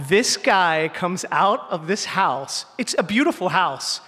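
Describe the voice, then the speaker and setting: Bright-voiced man telling a story on stage. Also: sits high, husky. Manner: animated, slows down for punchlines. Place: stage before a live audience. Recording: hall reverb, faint ambience.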